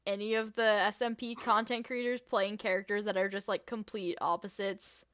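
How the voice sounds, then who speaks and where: Bright-voiced giggly young woman. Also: mid-range voice, flat delivery, normal speed, clear, resonant tone, no room sound, studio quality. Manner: giggly, rambling with many ums. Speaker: podcast co-host. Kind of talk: casual chat.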